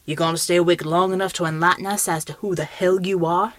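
A woman's voice: fairly low pitch, steady tone, fast, a bit bright, close to an everyday voice. A woman voicing a blunt, plain-spoken male costumed hero in an audiobook. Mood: gruff.

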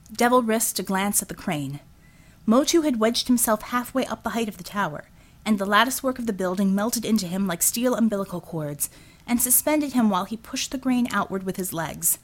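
Animated woman audiobook narrator. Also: medium pitch, brisk. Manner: expressive, animated storytelling.

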